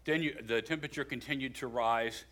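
An older West Virginian pastor with a West Virginian accent preaches at medium pitch and a fairly quick pace. His sermon swings from hushed storytelling to loud, emphatic preaching.

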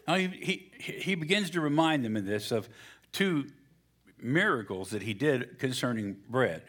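Lively male pastor preaching. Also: mid-range voice, measured pace. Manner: lively storytelling, acts out voices in a joke. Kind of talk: sermon with a joke opener.

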